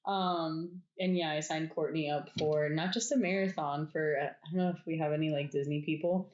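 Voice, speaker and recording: A woman's voice: sits low, fairly even intonation, normal speed, a little mellow, a little hiss or hum. Chatty woman, echoey lo-fi room. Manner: chatty, laughing, drops to near-whisper asides. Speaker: therapist and podcast co-host. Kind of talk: casual podcast chat. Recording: echoey room, dull lo-fi sound.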